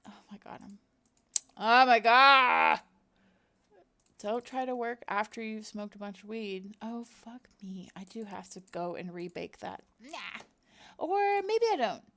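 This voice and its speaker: A middle-aged woman, a content creator, chats casually with her viewers at home while working on a computer, her cat nearby. Her voice sits on the high side and sounds animated, gravelly, pushed and bright, and she's in no hurry. She rambles, talks to herself, and uses lots of fillers.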